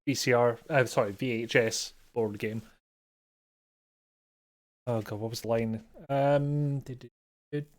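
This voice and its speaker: Chatty Scottish streamer, self-mocking. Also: male voice, medium pitch. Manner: rambling, self-mocking, chuckles often. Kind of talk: casual live-stream chat.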